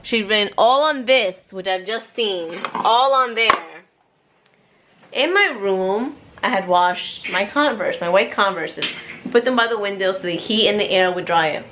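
A young woman, a mother, chatting casually to a handheld camera at home, expressive and talkative, dropping in Spanish words. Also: mid-range voice, a little slow, a little hiss or hum. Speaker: mother and family vlogger. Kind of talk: casual vlog chat to camera. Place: at home, indoors.

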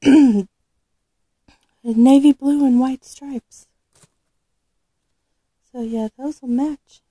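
A woman with a sore, recovering throat, chatting casually as she unboxes a doll, halting with frequent ums. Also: high voice, fairly even intonation, mellow, slightly rough, dry recording, rough recording. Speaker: vlogger unboxing a reborn doll.

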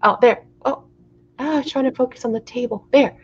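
A woman's voice: high voice, a little fast, husky. A middle-aged woman hosting a live craft tutorial, chatty and a bit flustered, often checking in with her viewers. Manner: apologetic, flustered by the camera framing. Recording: dull lo-fi sound.

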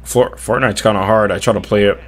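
A man streaming an online shooter, trolling players in voice chat with mock-prim, deadpan scolding and bursts of loud mockery. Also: lowish voice, brisk, slight background noise.

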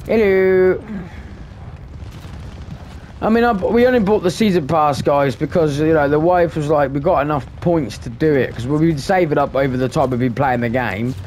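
Man, gameplay commentary, frustrated rant, constant swearing, slightly high voice, faint gunfire behind. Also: normal speed, darkish tone, slight background noise. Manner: ranting, heavy swearing, frustrated. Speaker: gaming video creator.

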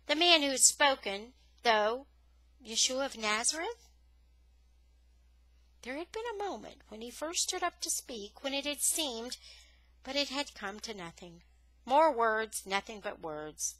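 A woman's voice: fairly high pitch, a little slow, no echo, rough recording. A woman reading a novel aloud as a storyteller, lifting her voice on the dramatic moments. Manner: expressive storytelling, rising on dramatic words. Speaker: audiobook reader.

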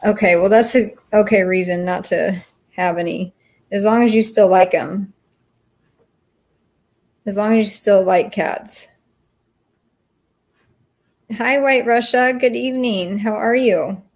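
A woman's voice: medium pitch, fairly even intonation, a little slow, pauses often. Chatty, foul-mouthed woman streaming from home. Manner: chatty, frank, swears freely. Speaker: livestream host. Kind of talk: casual livestream chat with viewers.

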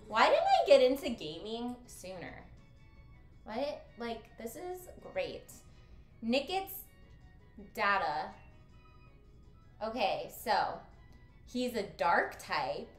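A woman streaming a game with casual commentary, excitable and giggly, breaking into loud squeals. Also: medium pitch, echoey room.

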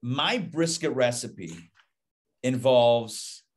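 A middle-aged man, a rabbi, teaching a casual live Torah class, animated and conversational, asking rhetorical questions and repeating himself. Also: medium pitch, very slow.

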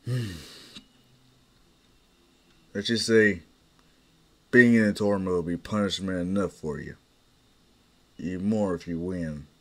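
A man voicing an angry, threatening mother who speaks low and slow. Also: a bit bright. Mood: sly. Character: menacing angry mother with a gun.

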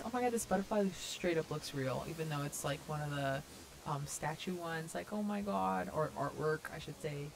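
A young woman casually commenting as she tours a video game island, gushing and gasping with excitement. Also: on the low side. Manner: gushing, excited, lots of gasps and "oh my God". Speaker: gaming vlogger touring a fan-made island.

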